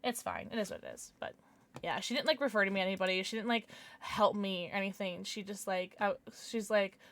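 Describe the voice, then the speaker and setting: A young woman streamer chatting casually on a livestream, rambling and halting with many restarts as she vents her frustration. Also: mid-range voice, a bit bright. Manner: frustrated, venting; baby-talk to her dogs.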